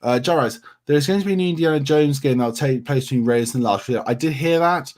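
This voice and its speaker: Speaking fast at a medium pitch, this slightly mellow-voiced Englishman who grew up near Milton Keynes runs a relaxed livestream from home in North Yorkshire. He picks out viewers' comments and replies warmly and chattily, with plenty of ums.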